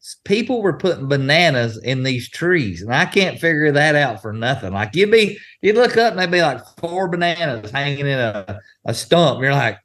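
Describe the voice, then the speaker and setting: Folksy male guest, excitable, with a fairly high, lively, swooping voice. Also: normal speed, few pauses. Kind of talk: casual chat.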